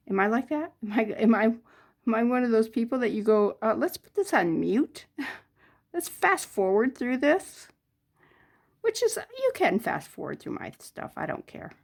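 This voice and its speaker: An older woman with a mid-range voice and noticeable vocal fry chats casually while working on jewelry. Between remarks she mutters to herself as she crafts.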